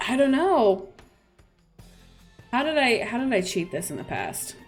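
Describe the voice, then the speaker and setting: A woman's voice: fairly high pitch, big pitch swings, a little slow, breathy edge, soft background music. A woman streamer chatting playfully through casual gameplay commentary. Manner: chatty, playful, with laughs and fillers.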